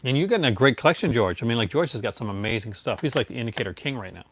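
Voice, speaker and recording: Rapid-fire and expressive, a man with a mid-range, slightly rough voice rambles through a show-and-tell of his disc collection on a relaxed livestream. He laughs frequently and calls out viewers by name.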